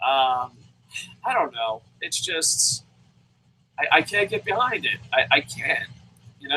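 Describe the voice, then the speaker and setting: Bright, profane ranting man. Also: a little high, husky, rough recording. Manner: profane, heated, swears constantly; mocking, acts out impressions. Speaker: wrestling show reviewer. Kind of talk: ranting commentary vlog.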